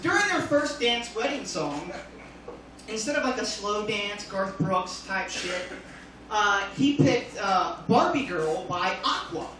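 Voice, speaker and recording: A man performing a casual stand-up comedy set, talking loosely with many fillers and sudden loud jumps, recorded from far off on a phone in a comedy club. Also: high voice, expressive, slow, heavy reverb, background noise. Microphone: phone filming from the audience.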